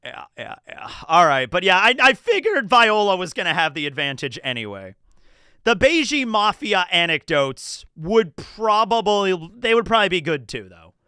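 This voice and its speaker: Chatty male streamer, high and animated, quick to laugh and swear. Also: smooth, no room sound, studio quality. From New Jersey. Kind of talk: casual livestream commentary.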